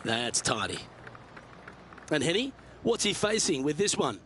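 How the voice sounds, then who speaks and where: A man delivering measured, polished play-by-play golf commentary in a studio. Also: fairly high pitch, very animated, a bit bright, slight background noise.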